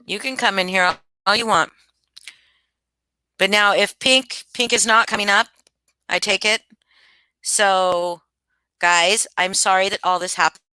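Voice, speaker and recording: A middle-aged woman hosts a casual livestream, talking loosely to her chat and restarting her sentences. Her voice is bright and forceful, smooth and crisp, a little low for a woman. The sound is dry and close, with no room around it. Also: fairly even intonation, a little slow, pauses often, no echo, low-quality recording. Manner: chatty, reads and answers chat, many restarts. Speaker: livestream host.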